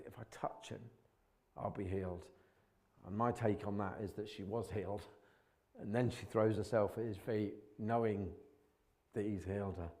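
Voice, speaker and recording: A man preaches in a church, his low voice easygoing and full of slang. He pokes fun at himself and punches key words with sudden emphasis. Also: dark tone. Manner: chatty, colloquial and self-mocking, with bursts of emphasis. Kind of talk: informal sermon.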